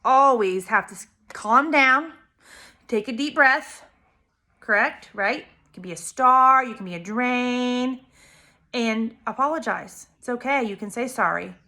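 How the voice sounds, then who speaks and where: A woman reading a storybook aloud to small children, slow and expressive. Her voice sits a little high, and she stops now and then to point out the pictures. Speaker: preschool teacher reading aloud.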